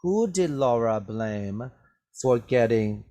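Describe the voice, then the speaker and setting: Slow, patient male English teacher. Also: medium pitch, expressive, warm tone. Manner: slow, patient, checks understanding with "right?" and "okay?". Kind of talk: vocabulary lesson.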